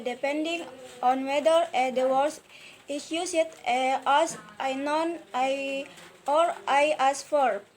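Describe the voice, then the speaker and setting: Young Indonesian-accented woman student, high voice, hesitant class talk. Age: young adult. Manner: halting, frequent hesitations and restarts. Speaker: university student. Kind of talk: recorded class presentation.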